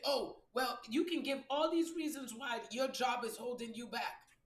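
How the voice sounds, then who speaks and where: A woman's voice: on the high side, unhurried. Blunt, profane woman preaching in an echoey room. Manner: repeats phrases for emphasis. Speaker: spiritual reader hosting a live stream. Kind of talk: motivational live-stream monologue. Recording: roomy echo.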